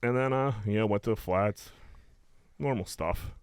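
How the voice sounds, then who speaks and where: A man's voice: on the low side, normal speed, clear, resonant tone, no echo. Young pittsburgh guy cussing his way through a story on a podcast, dry close sound. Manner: swears often, rambling storytelling. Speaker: podcast co-host. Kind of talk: casual chat.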